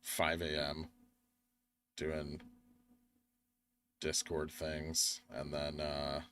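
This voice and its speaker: A young American man with a very low voice hosts a live stream. He sounds tired and talks in a loose, rambling way, answering the chat as he goes through the charts. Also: monotone, extremely slow, fairly bright tone. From United States. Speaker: livestream host.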